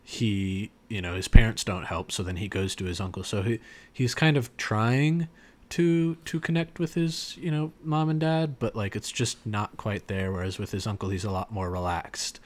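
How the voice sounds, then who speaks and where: A man's voice: on the low side, fairly even intonation, moderate pace. A man co-hosting a podcast, retelling a scene in casual chat with lots of fillers and restarts. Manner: rambling, many fillers and restarts. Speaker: podcast co-host.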